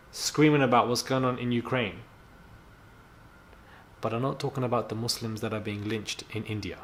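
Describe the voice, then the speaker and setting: A man's voice: mid-range voice, brisk. Annoyed man ranting to camera. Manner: annoyed, heated, repeats himself with fillers. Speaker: vlogger.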